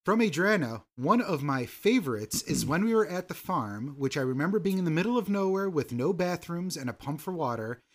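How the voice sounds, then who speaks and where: A man co-hosting a podcast, reading listener mail and teasing in a relaxed, easygoing way. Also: a little high, fairly quick, hardly any pauses. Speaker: podcast co-host. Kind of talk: casual chat.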